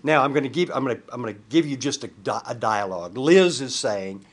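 Guy teaching a counseling class, husky voice, folksy, keeps asking do you see it. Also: mid-range voice, lively intonation, brisk. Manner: folksy, repeats points, asks the class questions. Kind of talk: teaching a class, reading a case study.

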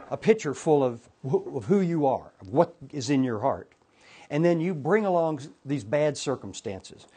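A man's voice: a little high, dark tone, slightly rough. A man teaching an informal Bible class to a group, talking in a loose, conversational way with many restarts and asides.

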